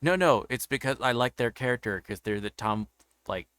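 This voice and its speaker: Bright, crisp-voiced man rambling. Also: medium pitch, expressive, moderate pace, dry recording. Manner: rambling, meandering explanations. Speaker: interview show host. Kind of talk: casual chat on a livestream.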